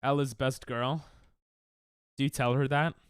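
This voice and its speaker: A man's voice: mid-range voice, level tone, measured pace, smooth, no echo, studio quality. A sick, coughing man, casually chatting and joking with his chat while he streams a game. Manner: casual, jokey, reads and answers chat. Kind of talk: live-stream gaming chat.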